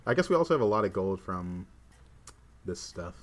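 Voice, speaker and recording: Man, Southern US accent, casual livestream commentary, lowish voice. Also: big pitch swings, measured pace. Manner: chatty, filler-heavy with "like". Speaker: game streamer.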